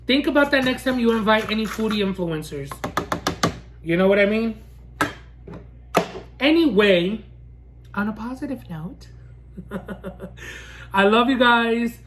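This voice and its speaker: A woman's voice: medium pitch, expressive, slow pace, long pauses. A woman food vlogger talking casually to camera in a sassy, ranting way and laughing often. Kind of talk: casual mukbang vlog chat.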